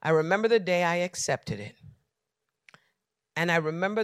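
High-voiced preacher swinging from whisper to shout. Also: male voice, animated, normal speed, pauses often, smooth, no echo, studio quality. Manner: repetitive preaching cadence. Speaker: pastor. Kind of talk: sermon.

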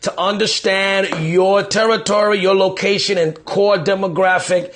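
A male pastor from New York City chatting on a livestream, reading out viewers' comments with quick, repeated, upbeat affirmations. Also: high-pitched, level tone, fairly bright tone. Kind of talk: live-stream chat reading viewer comments.

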